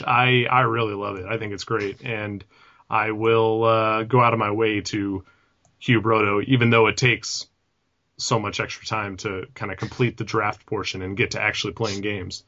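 A man co-hosts a casual podcast in an enthusiastic, joking way, with a voice of middling pitch. The recording sounds dull and lo-fi. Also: pushed and bright. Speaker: podcast co-host. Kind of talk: casual chat.

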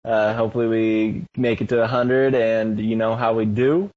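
A man's voice: fairly low pitch, steady tone, moderate pace. A man co-hosting a podcast, rambling and repeating himself as he thanks the listeners. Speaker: podcast co-host. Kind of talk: casual chat. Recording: dull lo-fi sound.

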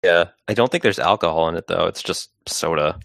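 A man co-hosting a podcast in casual chat, relaxed and a little hesitant with fillers. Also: sits low, fairly quick, vocal fry, dry recording. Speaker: podcast co-host and writer.

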